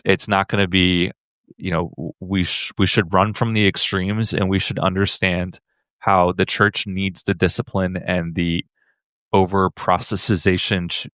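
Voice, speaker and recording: A man's voice: sits low, a bit bright, smooth, dry recording. A man from the United States, a podcast host and author, telling stories in a playful, joking way in a casual conversation.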